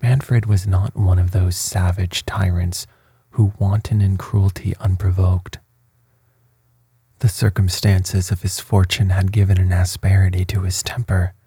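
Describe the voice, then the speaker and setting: A man reading a gothic novel aloud as a calm, soft bedtime story. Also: low-pitched, slightly rough, no echo. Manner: slow, soft, even. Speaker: sleep story reader.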